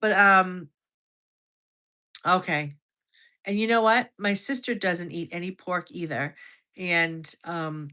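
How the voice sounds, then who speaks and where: American woman, 50s, livestream host; lower-pitched, chatty, casual, restarts sentences and answers comments. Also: pushed and bright. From United States. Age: over 50. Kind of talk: casual livestream chat with viewers.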